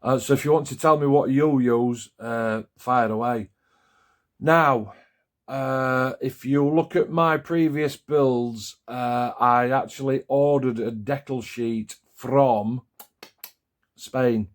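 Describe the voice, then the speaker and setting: A man talks through his scale model build in a loose, chatty vlog manner. His voice sits at an ordinary middle pitch, and he rambles, restarts and pokes fun at himself, with the occasional casual curse. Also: fairly even intonation, slow. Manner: rambling, self-deprecating, swears casually.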